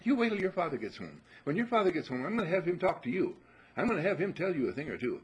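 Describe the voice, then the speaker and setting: A man voicing a fed-up mother who threatens her child loudly, his voice pushed high. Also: sing-song, fast talker, breathy edge, heavily acted. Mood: scolding. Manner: raised, threatening.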